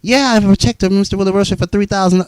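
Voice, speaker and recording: A man's voice: high-pitched, fairly even intonation, rapid-fire, clean tone, no echo, pitched above the performer's own voice, close to an everyday voice. A man voicing a polite woman clerk, speaking in a businesslike way.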